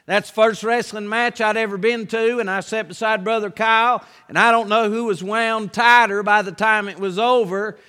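A man preaching a sermon, praying in a reverent low voice and then preaching in an emphatic, folksy way. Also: steady tone, moderate pace, few pauses, bright, forceful tone, smooth.

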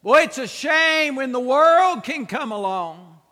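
A man preaching a sermon with emphatic, repeated exhortations that swell into shouts. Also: very high voice, lively intonation, slow, big-room sound.

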